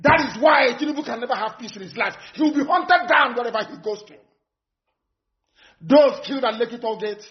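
On a dull lo-fi recording, a Nigerian man speaks to his followers as an activist, delivering a fiery, scornful political broadcast. He talks fairly quickly in a very high voice and repeats phrases for emphasis.

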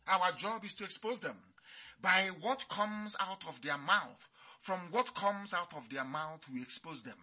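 A man's voice: high voice, lively intonation, measured pace, bright, forceful tone. A man giving a fiery, mocking radio address, repeating his points. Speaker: radio broadcaster.

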